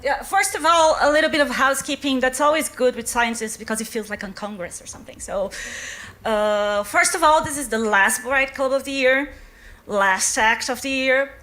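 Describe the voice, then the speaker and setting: A woman's voice: high voice, normal speed, pushed and bright. A woman in her thirties, not a native English speaker, doing a rambling, self-mocking stand-up comedy set on a club stage. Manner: chatty, rambling, self-mocking, many fillers. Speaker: stand-up comedian, obstetrics and gynaecology doctor. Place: stage in a club before a live audience.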